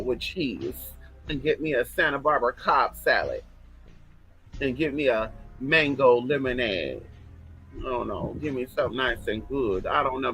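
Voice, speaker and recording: A man's voice: mid-range voice, sharp tone, husky, low-quality recording. A man hosting a casual livestream, talking in a sassy, flamboyant way, swearing freely and reading out viewer comments.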